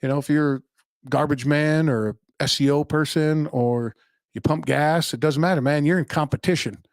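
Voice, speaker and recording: A man's voice: a little high, moderate pace, dry recording, clean studio sound. A man in his thirties hosting a solo podcast, telling stories in a blunt, profane, offhand way. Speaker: podcast host. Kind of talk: unscripted solo podcast monologue.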